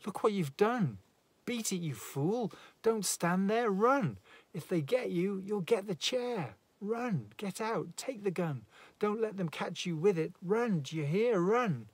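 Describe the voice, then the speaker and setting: A man voicing a panicked young woman who shouts urgent, shrill commands. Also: expressive, slow, hardly any pauses, husky, no echo. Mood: frantic.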